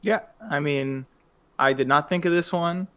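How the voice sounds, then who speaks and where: A man co-hosting a podcast, commenting on wrestling matches in a measured, wry way. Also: a little high, sharp tone. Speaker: podcast co-host. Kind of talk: casual wrestling review chat.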